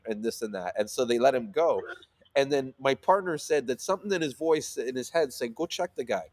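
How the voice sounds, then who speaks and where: Man chatting casually, lively and animated, heavy on filler words. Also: medium pitch. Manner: animated, swears freely, many fillers. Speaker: sea moss seller. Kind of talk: casual storytelling chat.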